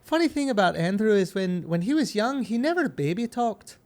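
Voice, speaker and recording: A woman's voice: medium pitch, sing-song, a little fast, a little mellow, pitched above the performer's own voice, lightly acted. A man voicing his own older mother, chatty and amused as she recalls his childhood. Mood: amused recollection.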